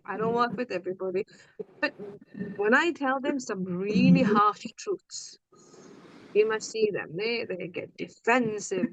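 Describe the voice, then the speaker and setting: A woman's voice: fairly high pitch, a bit bright, slight background noise, low-quality recording. A woman hosting a podcast as a coach, talking bluntly and acting out quoted dialogue in candid chat.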